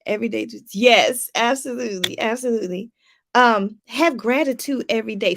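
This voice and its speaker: High-voiced woman life coach preaching. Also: moderate pace, a bit bright. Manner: preachy, repeats phrases for emphasis; talks straight to viewers with casual asides. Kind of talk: motivational talk to viewers.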